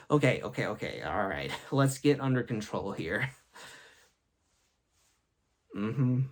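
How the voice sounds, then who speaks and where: A man's voice: mid-range voice, fairly bright tone. A young man hosting a show, telling funny school stories and laughing at his own jokes. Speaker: host. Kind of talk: comedic storytelling.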